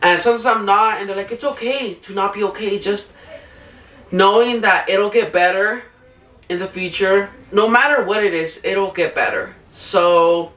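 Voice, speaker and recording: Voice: medium pitch, unhurried, a bit bright. A young adult vlogger in a rambling, casual advice chat who acts out their own past self-talk. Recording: roomy, distant mic, faint music behind.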